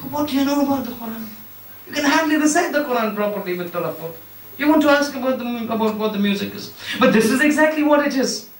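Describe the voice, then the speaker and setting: A man's voice: high voice, fairly bright tone. A man giving a religious sermon, telling a story with acted-out dialogue and emphatic rhetorical questions. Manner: acts out dialogue, shifts voice for characters, emphatic and rhetorical. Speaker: Shia cleric giving a Muharram lecture. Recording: echoey hall, voice from a distance.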